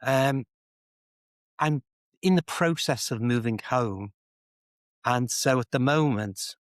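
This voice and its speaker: Casual co-host: Liverpool man, mid-pitched, talkative, close and dry. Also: no echo. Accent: Liverpool English. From England. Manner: chatty, explains idioms with rambling examples. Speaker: co-host, English teacher. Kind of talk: casual chat. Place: indoor home office.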